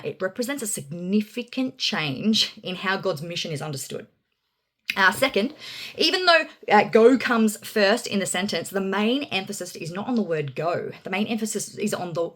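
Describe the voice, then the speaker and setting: A woman with a slightly low voice walks through Bible Greek grammar like she's chatting with a friend. She fills pauses with "um" and leans hard on key words. It sounds relaxed and unscripted, a teacher talking through her notes. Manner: chatty, many fillers, lively emphasis on key words.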